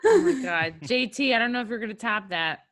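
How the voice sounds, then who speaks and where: A woman hosts a rowdy drinking-game chat, laughing and teasing her guests. Her voice is bright and sits fairly high, and it swings lively up and down. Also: fairly quick. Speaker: host. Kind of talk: casual party chat.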